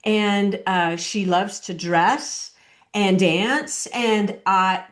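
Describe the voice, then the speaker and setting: Woman host and coach on a podcast, lots of yeahs and mm-hmms, middle pitch. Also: drawn-out words. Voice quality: warmly affirming listener, many short agreements. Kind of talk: podcast interview.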